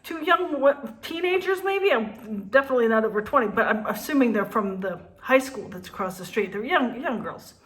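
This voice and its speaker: Animated New woman in her fifties. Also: high voice. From New Jersey. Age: 50s. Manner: animated, laughing, swears. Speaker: vlogger. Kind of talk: casual storytelling.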